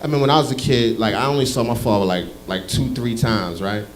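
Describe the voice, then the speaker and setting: A man's voice: mid-range voice, a little fast, slight background noise. A man doing a stand-up set on a club stage, telling crude stories about his father in a loose, rambling way. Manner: loud hype-man shouting, then rambling crude storytelling. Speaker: stand-up comedian.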